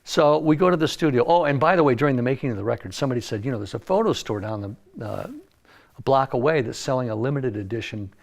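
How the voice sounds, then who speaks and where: An older man with a gravelly, creaky voice spins a long anecdote in a relaxed interview. He is a music producer speaking in a studio, animated and acting out the people he quotes. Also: medium pitch, fast. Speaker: music producer telling stories. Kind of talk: casual interview storytelling. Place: recording studio.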